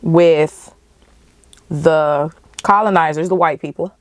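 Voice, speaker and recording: Podcast host, young woman, low voice, passionate casual movie reaction. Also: slow pace. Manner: animated, emotional, profane, slangy.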